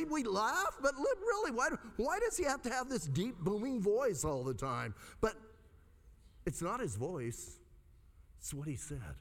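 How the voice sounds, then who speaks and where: A man preaching a sermon in a lively, conversational way, swinging between hushed lows and excited highs. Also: a little slow, long reverb tail, a faint crowd, slight background noise. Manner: animated, conversational preaching with dramatic pitch swings. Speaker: pastor.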